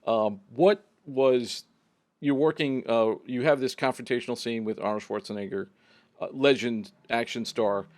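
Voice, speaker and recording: A man's voice: mid-range voice, moderate pace, a little mellow. A man hosting a podcast interview over a video call, asking loose, prompting questions. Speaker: podcast host. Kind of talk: casual interview.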